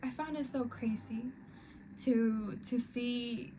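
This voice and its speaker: A woman talks slowly through a casual music reaction, her pitch sitting a little high. She often stops and restarts mid-word, and her voice carries open emotion. A faint hiss of background noise sits under her voice. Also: mellow, low-quality recording. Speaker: reaction video host.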